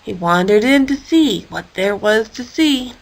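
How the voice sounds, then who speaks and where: A woman reading a children's story aloud in a playful, animated way with sound effects. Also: on the high side, unhurried, gravelly, low-quality recording.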